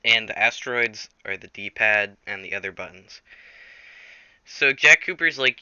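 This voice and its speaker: A man's voice: on the low side, unhurried, pushed and bright, clear, resonant tone, no echo, highs cut off. A man improvising a comic story in a rambling, self-correcting way. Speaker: storyteller host.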